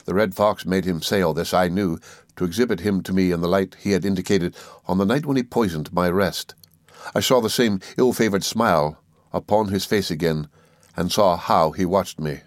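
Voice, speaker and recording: Male audiobook narrator, low voice, measured and earnest, dry close sound. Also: no room sound. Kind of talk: scripted narration.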